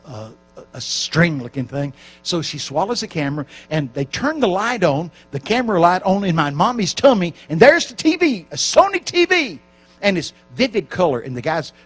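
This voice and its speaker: Male preacher, folksy and theatrical, lively fairly high voice, faint mains hum. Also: poor audio. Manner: folksy, dramatic storytelling with sudden loud outbursts. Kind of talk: storytelling sermon. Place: church camp meeting.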